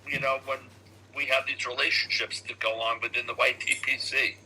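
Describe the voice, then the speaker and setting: A man as a guest on a casual live chat, talking in a thoughtful, measured way. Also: mid-range voice, little pitch movement, background noise.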